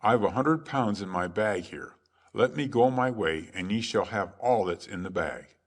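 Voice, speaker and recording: A man's voice: lowish voice, lively intonation, normal speed. A man voicing a sly, boastful beggar trickster who speaks in crafty, archaic phrasing, for a storybook reading. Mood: wheedling. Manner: crafty, mocking archaic speech.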